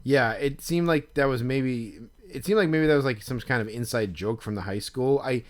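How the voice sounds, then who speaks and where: A young adult man in casual podcast chat, rambling through stories with lots of ums and likes. Mid-pitched, easygoing. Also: moderate pace. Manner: rambling storyteller with many fillers. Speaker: podcast co-host.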